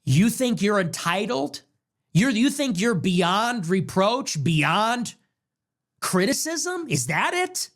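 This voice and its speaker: A man's voice: high voice, very animated, slow, fairly bright tone. A man hosting a political commentary show, combative and sarcastic, firing off one rhetorical question after another.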